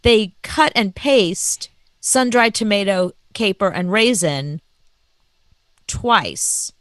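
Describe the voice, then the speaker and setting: A woman co-hosting a radio show, telling a story in an animated, chatty way and laughing easily. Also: mid-range voice, slow, no room sound. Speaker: radio co-host. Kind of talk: casual radio chat.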